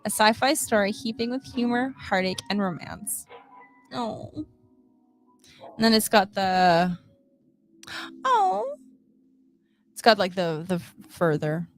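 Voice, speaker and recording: A woman's voice: mid-range voice, sing-song, slow, long pauses, faint music behind. A woman co-hosting a casual comics talk show, joking sarcastically and reading blurbs. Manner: playful, sarcastic, giggly. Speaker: podcast co-host at a comic shop.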